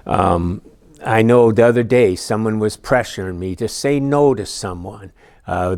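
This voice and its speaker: A man's voice: medium pitch, a little mellow. A man giving a conversational church lesson, telling personal stories with frequent asides. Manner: storytelling with personal anecdotes, many asides. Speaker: church teacher. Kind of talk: conversational teaching talk.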